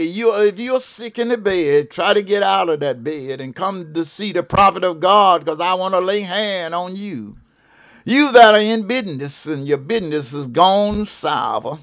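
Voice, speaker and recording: A Georgia man in his seventies with a Southern accent, a televangelist prophet, delivers a fervent appeal from a broadcast studio at a measured pace. His voice is high-pitched, animated and fairly bright. He preaches, repeats "what I'm saying," and calls to listeners with "yes ma'am, yes sir."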